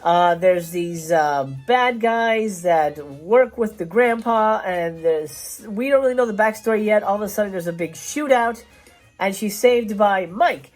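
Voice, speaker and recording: A man's voice: sits high, unhurried, soft background music. A man hosting a casual film review show, talking in a chatty, rambling way with lots of fillers and restarts.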